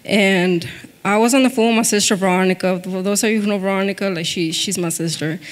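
Woman sharing testimony, halting and emotional, mid-range voice, echoing hall. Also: medium pitch, fairly even intonation. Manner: hesitant, emotional storytelling. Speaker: church member giving testimony. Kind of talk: personal testimony. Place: church stage. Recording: reverberant church hall.

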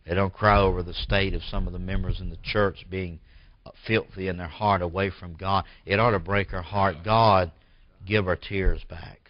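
A man preaching a sermon as pastor in a church. He swings from forceful bursts to quiet, hushed lines. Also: low voice, steady tone, moderate pace, dry recording, muffled recording. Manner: preaching with rising emphatic bursts and drops to near-whisper.

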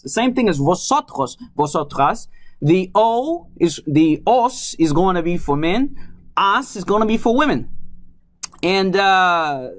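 A language teacher giving a casual lesson, slowly repeating words and drilling pronouns. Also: mid-range voice. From Louisiana.

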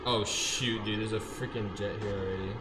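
A young man streaming a game live, excitable and trash-talking, shouting when he gets frustrated, on a gaming headset. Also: fairly low pitch, normal speed, echoey room, very noisy.

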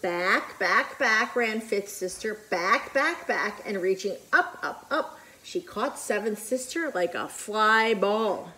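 A woman reading a picture book aloud to children in an expressive, animated way with whispered asides. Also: medium pitch, slow, hardly any pauses. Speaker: children's storyteller.

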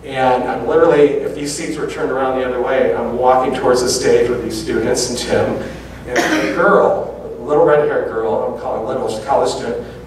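A male lecturer spins a personal anecdote, acting out each person's lines as they come up. He sits at an ordinary middle pitch. The voice reaches us from a distance, wrapped in heavy hall reverb with faint noise underneath. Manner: animated anecdotes with quoted dialogue. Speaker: public speaker. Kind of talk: storytelling lecture. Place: large auditorium. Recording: very echoey hall from far off.

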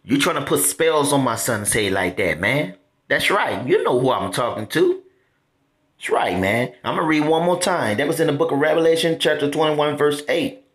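A man preaching informally to his critics, repeating himself and reading scripture slowly word by word. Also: on the high side, lively intonation, a bit bright. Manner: repetitive, confrontational, reads scripture slowly word by word. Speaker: self-made preacher addressing his critics.

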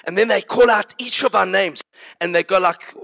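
Guy preaching, high gravelly voice, acts the story out. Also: normal speed. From South Africa. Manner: animated, acting out a story. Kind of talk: sermon storytelling.

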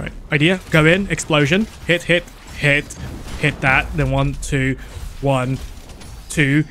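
A man giving casual gameplay commentary, excitable, talking to himself with gasps, restarts and sudden outbursts. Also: fairly high pitch. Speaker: gaming YouTuber.

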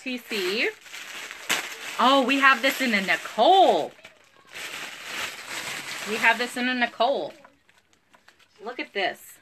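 A woman's voice: a little high, bright, forceful tone. A woman, chatting bubbly and giggly through a live online clothing sale from home. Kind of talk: live sales stream chat.

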